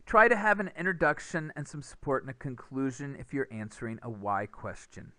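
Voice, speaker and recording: A man's voice: medium pitch, very animated, a little fast, pushed and bright, no room sound. A man giving a recorded lesson over slides on speaking-test skills, explaining step by step and sounding out speech rhythm with nonsense syllables. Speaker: English test teacher.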